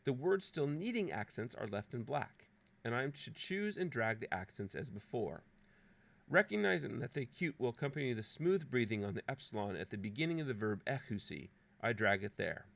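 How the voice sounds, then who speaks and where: A man's voice: mid-range voice, very animated, fairly quick, vocal fry, a bit bright. A man presenting an app walkthrough as a scripted, playfully dramatic voice-over narration with theatrical exclamations. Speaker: presenter demonstrating a teaching app.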